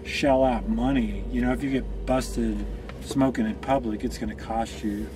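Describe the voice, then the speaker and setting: A man's voice: medium pitch, fairly even intonation, moderate pace, background noise. A man from Colorado, a guest on a casual chat show, telling long rambling stories full of profanity and side tracks. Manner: rambling, profane, tangential storytelling. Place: room where marijuana is being smoked.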